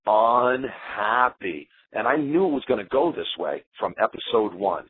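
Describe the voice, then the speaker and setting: A man's voice: on the low side, a little slow, breathy edge, dry recording. A man, an eliminated contestant, telling his side in a heated interview and acting out what others said. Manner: animated, defensive storyteller acting out quotes. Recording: tinny phone line.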